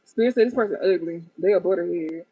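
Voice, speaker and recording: A woman with a lowish, husky voice talks fast while giving her viewers a casual tarot reading. She's blunt and profane and often cracks up at the cards, heard through a tinny, phone-like, dry recording.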